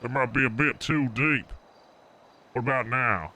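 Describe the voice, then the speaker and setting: Young guy streamer mumbling through settings, slow and bright. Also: mid-range voice. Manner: muttering to himself while testing settings. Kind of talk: casual livestream chat.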